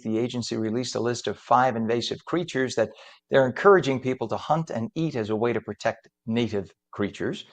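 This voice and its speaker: A male morning radio news host with a mid-range voice moving briskly through the headlines. He reads each story, then slips into opinionated, chatty commentary, sounding like a self-aware know-it-all. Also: medium pitch.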